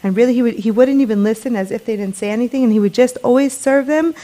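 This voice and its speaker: A woman's voice: fairly high pitch, quick pace, dark tone. A young adult woman telling a personal story about her late mother in an earnest way, with many fillers and repeated words.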